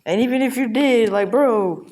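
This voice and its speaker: A woman's voice: fairly high pitch, moderate pace, background noise. A woman vlogging a casual, reflective monologue, rambling and frank with plenty of profanity, from a hotel room.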